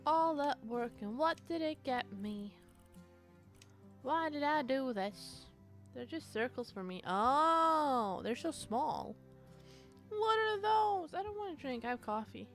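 A woman live streaming a game, chatting casually, excitable and swearing often as she greets and answers her chat. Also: sits high, unhurried, soft background music.

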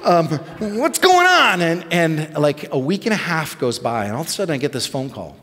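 High-voiced male pastor in a big hall. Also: fairly quick. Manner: animated, self-deprecating storytelling with restarts. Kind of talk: sermon story. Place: church sanctuary.

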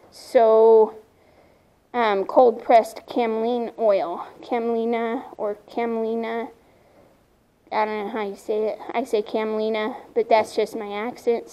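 Slow-talking woman chatting outdoors on a farm. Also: fairly high pitch, dark tone, low-quality recording. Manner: chatty, talks to her animals between remarks. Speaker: horse owner vlogger. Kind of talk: casual outdoor vlog talk.

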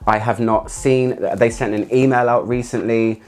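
A man chatting casually through a product review, excitable and laughing often as he talks. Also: mid-range voice, normal speed. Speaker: fragrance reviewer.

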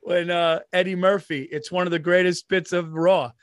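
A man in his forties chatting as a podcast co-host, excitable, laughing often and cursing freely. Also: high-pitched, moderate pace, no room sound, clean studio sound. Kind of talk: casual chat.

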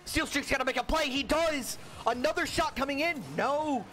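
A young man giving solo play-by-play commentary on a video game match, excitable and jokey, with a worn-out voice. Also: very high-pitched, normal speed, a little hiss or hum. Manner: excitable, jokey, frequent exclamations. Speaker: esports caster.

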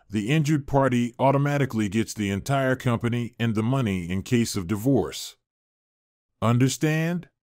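A man reading the part of a scheming husband who flatters and grovels in a storybook reading. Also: medium pitch, no echo, studio quality, lightly acted. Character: scheming middle-aged husband, smooth and fawning.

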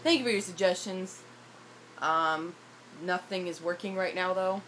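A young woman vlogging, frustrated and rambling, her voice hoarse from a night of shouting, recorded on a phone. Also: lowish voice, fairly even intonation, measured pace, rough recording. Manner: frustrated, rambling, self-deprecating. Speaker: YouTuber. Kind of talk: casual vlog rant. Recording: loud background noise.

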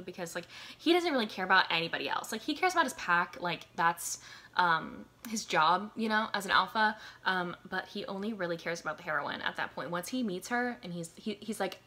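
A woman of twenty-two recommending books in a rambling casual chat, full of "like" and "um" and quick laughs. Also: mid-range voice, expressive, bright, forceful tone. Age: 22, college student. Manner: rambling, lots of "like" and "um", frequent laughs. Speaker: book reviewer. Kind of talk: casual chatty book recommendations.

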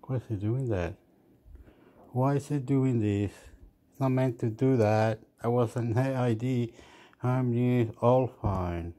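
Slow rambly guy from australia going over a phone, mid pitch, talks to himself a lot. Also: mellow. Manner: rambling, thinking aloud, self-deprecating. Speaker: vlogger. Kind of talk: casual phone review.

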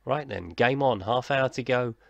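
A man's voice: mid-range voice, moderate pace, gravelly, fairly bright tone, no echo. A man, casually narrating his football management game like a commentator and chatting with himself in a self-deprecating way. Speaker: gaming YouTuber. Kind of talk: casual let's-play commentary.

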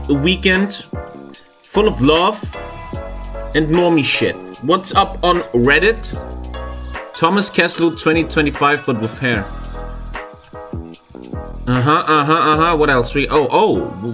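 A man streaming a strategy game, joking crudely and swearing often. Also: on the high side. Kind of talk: live game stream commentary.

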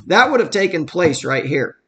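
A man's voice: fairly high pitch, big pitch swings, normal speed, pushed and bright. A man giving a casual, conversational Bible study at home, explaining a passage and reading verses aloud with emphasis.

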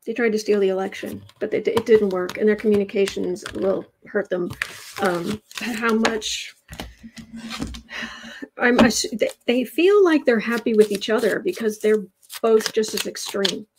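Unhurried woman reading tarot on a livestream. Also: medium pitch, noisy background. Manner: unhurried and drawn-out, drops into soft near-whispered asides. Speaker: tarot reader.

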